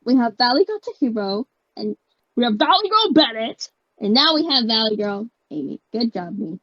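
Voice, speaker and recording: A woman jokes around between takes, giggly and poking fun at herself. Her voice is a bit high. The sound is dull and very dry, like a cheap home mic. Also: very animated, normal speed, dry recording. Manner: giggly, self-mocking. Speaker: voice actor. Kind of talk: casual chat between takes.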